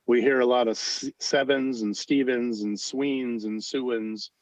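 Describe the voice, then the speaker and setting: A man's voice: mid-range voice, fairly even intonation, a little slow, a little mellow. A man from Los Angeles, a podcast guest, explaining things in a friendly, casual way over a remote call. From Los Angeles, USA. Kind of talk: casual interview answers.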